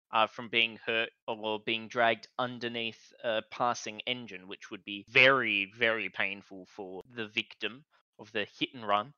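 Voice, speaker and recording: A man's voice: on the low side, smooth, no echo. Guy cohosting a chatty podcast, stumbles over his words a lot, dry muffled home mic sound. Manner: animated, stammering restarts. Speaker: podcast co-host. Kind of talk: casual online discussion.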